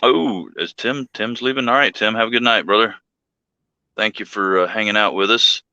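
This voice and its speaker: Joking man host deep, tense edge, dry, muffled stream sound. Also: normal speed, sharp tone, no room sound. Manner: rambling, jokey, greets viewers by name. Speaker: livestream co-host. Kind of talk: casual joking chat.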